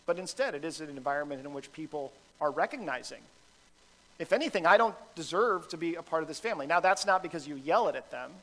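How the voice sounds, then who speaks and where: A man's voice: a little high, lively intonation, quick pace, a bit bright, rough recording. A man, a pastor with a son, preaching a sermon in a conversational, self-deprecating style full of fillers and restarts.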